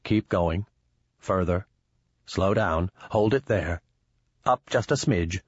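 A man voicing a handheld computer in an audiobook, giving slow step-by-step commands. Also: deep voice, slightly rough, no echo, dull audio, full character voice. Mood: instructing.

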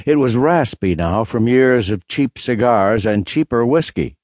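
A man narrating a mystery audiobook in a steady, measured read. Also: mid-range voice, no room sound. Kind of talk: scripted narration.

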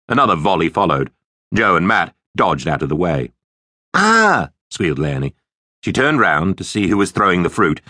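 A man reads a children's story aloud with a very deep voice. His delivery rises and falls with lively expression, and the close studio sound is dry. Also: no echo. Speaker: audiobook narrator. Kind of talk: scripted children's story narration.

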